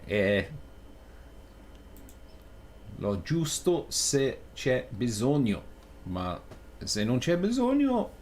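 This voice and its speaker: Slow-talking man streaming his coding. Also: medium pitch, very animated, a little mellow, a little hiss or hum. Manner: chatty, thinking aloud, self-mocking; switches between English and Italian. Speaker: live streamer coding on air. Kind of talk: casual live-stream chat while programming.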